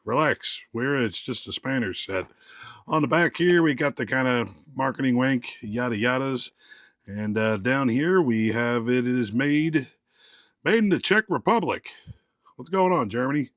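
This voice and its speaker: A man's voice: medium pitch, lively intonation, moderate pace, fairly bright tone, no echo, studio quality. A man casually reviewing tools while unboxing them, rambling and joking with lots of restarts and fillers. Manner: rambling, jokey, self-interrupting. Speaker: tool reviewer.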